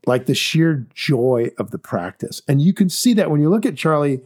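A man co-hosting a casual investing podcast, talking in an animated, rambling way with many restarts. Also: on the high side, normal speed. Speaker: podcast co-host.

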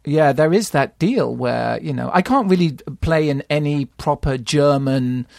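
A man's voice: on the high side, measured pace, gravelly, no room sound, clean studio sound. A man with a slight Dutch accent, chatting and telling stories as a podcast guest, laughing often. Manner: animated storyteller, laughs often. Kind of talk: casual chat.

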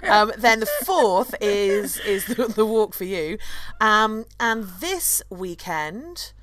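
A woman's voice: mid-range voice, animated, takes it slowly, a bit bright. A woman who hosts a podcast and leads tours, chatting casually and laughing often. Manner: chatty, giggly, cackling. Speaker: podcast host and tour guide.

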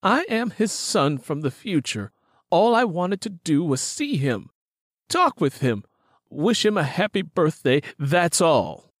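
A man's voice: fairly high pitch, sing-song, slow, no room sound, studio quality, pitched above the performer's own voice, full character voice. Casting: a man doing a raised, pleading young time traveler, earnest and desperate. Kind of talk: audiobook character voice.

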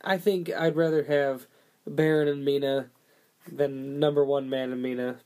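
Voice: mid-range voice, little pitch movement, a little slow, dark tone. A podcast co-host in casual chat about a movie, rambling and jokey with many fillers.

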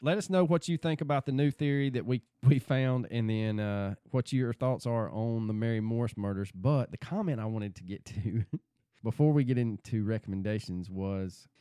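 A man in casual podcast chat, easygoing as he reasons his way through an idea. His voice has an ordinary middle pitch, and the recording is dry, with no room sound. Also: normal speed, mellow, clear, resonant tone, no echo. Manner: easygoing, theorizing aloud. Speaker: podcast co-host.

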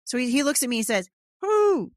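A woman's voice: a little high, racing, no room sound, clean studio sound. A woman hosting a talk podcast, speaking emphatically and preachily with frequent fillers, then leading a prayer. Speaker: podcast host.

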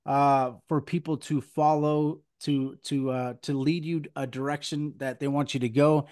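A man's voice: a little high, fairly even intonation, unhurried, darkish tone, clear, resonant tone. A man hosting a Christian podcast, talking earnestly and rambling with many fillers. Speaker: podcast host. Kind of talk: casual podcast chat and preaching.

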